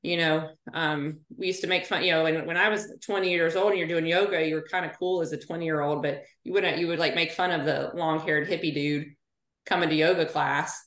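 A woman's voice: low-pitched, brisk. Chatty woman physical therapist, roomy sound. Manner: chatty storyteller, animated asides. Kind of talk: casual podcast interview. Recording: roomy echo.

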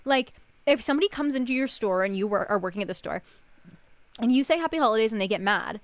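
A woman's voice: a little high, lively intonation, fast, no room sound. A young woman in her twenties co-hosting a casual podcast chat, talking sarcastically and rambling with lots of "like". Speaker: podcast co-host.

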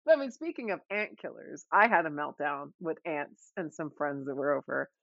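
A woman's voice: sits low, normal speed, vocal fry, no room sound, dull audio. A woman co-hosting a casual chat, telling childhood stories with lots of laughter and acted-out quotes. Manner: animated storyteller, laughs often, acts out quoted voices.

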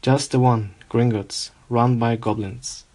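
A big, kindly giant , as a man reading the story puts him on, talks in a low, even voice with little rise and fall. He speaks plainly and without hurry, with a filler now and then. It sounds like a novel being read aloud. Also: takes it slowly. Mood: easygoing. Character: huge good-natured adult male giant, proud and homely.

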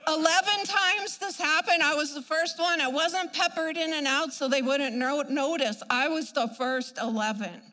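A woman giving an animated personal healing testimony, acting out her own reactions and laughing often as she tells it. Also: sits high, moderate pace, few pauses, in a large hall. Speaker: speaker sharing a healing testimony.

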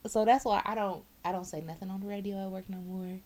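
A woman's voice: mid-range voice, fast. A woman who drives a bus, chatting casually and telling blunt, profane work stories. She acts out the people in them. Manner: animated storyteller, acts out quotes, laughs often.

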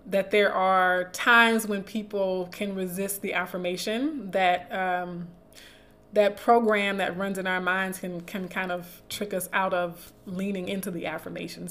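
A woman hosting a livestream who reads affirmations slowly and deliberately, with pauses, then chats warmly with her viewers and laughs easily. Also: lowish voice. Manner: slow, deliberate, soothing reading with pauses. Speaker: livestream host reading affirmations. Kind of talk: slow reading of affirmations, then casual chat with viewers.

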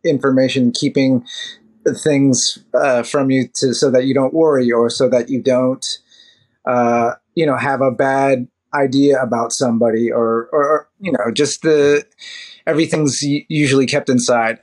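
A man guest on a podcast, chatting casually with many restarts, fillers and laughs. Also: mid-range voice. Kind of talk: casual interview chat.

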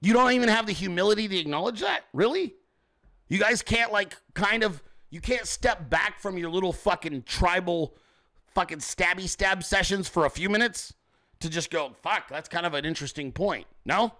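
A man's voice: high-pitched, lively intonation, moderate pace, pushed and bright. A man hosting a livestream, ranting profanely and combatively at commenters in his chat. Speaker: show host.

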